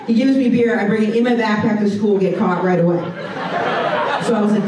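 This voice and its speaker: A woman's voice: medium pitch, quick pace, far from the mic, noisy background. A woman doing stand-up comedy, chatting and riffing with the audience in a comedy club. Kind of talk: stand-up with crowd work. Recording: roomy club with audience laughter. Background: audience laughing.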